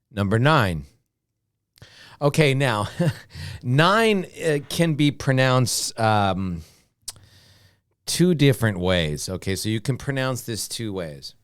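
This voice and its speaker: An American man teaching beginner English, saying each word slowly and clearly, then repeating it. His pitch moves a lot as he models the words. The sound is smooth and dry, recorded close up. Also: dry recording. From United States. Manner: drills words slowly, repeating each one with many "okay"s. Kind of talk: slow, repetitive beginner English lesson.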